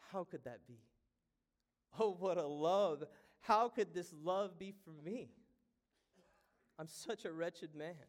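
Brief: male pastor, high-pitched voice, impassioned sermon delivery swinging from quiet to loud. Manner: impassioned preaching with wide swings from hushed to loud. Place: church sanctuary.

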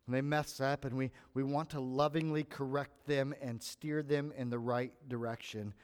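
A man preaching a sermon with animated delivery, acting out the voices he quotes. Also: mid-range voice, normal speed, clear, resonant tone. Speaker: pastor. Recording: long hall reverb.

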